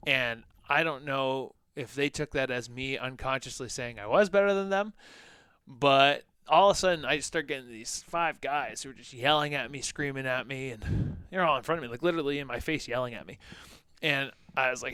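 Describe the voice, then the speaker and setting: A man's voice: medium pitch, fairly quick, pushed and bright, clear, resonant tone, no echo. A man co-hosting a podcast, telling a personal story in a loose, conversational way with lots of "like" and "you know". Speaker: podcast co-host.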